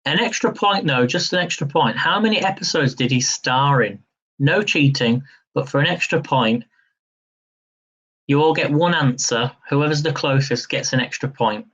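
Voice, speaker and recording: A man's voice: fairly high pitch, normal speed, a bit bright, husky, muffled recording. A man hosting a live-stream quiz, chatty and upbeat, laughing easily as he reads questions and counts down. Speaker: quiz host.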